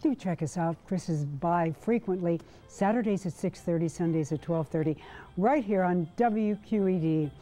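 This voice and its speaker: A woman's voice: fairly low pitch, normal speed, soft background music. A woman hosting a TV cooking segment in a studio kitchen, gushing over the food and signing off the show. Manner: gushing, warm sign-off delivery. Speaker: TV show host.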